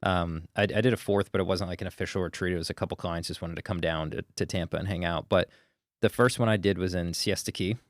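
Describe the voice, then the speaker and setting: Deep-voiced man in his thirties, energetic. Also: quick pace, no room sound, studio quality. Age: 30s. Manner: energetic storyteller, swears casually. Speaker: sales closer, podcast guest. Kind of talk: casual interview talk.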